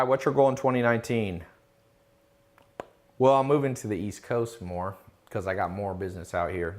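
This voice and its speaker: Confident man hosting a casual Q&A. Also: on the low side. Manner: confident, emphatic, lecturing with rhetorical questions; reads out chat questions, then answers. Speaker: host answering viewer questions. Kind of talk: casual live Q&A chat.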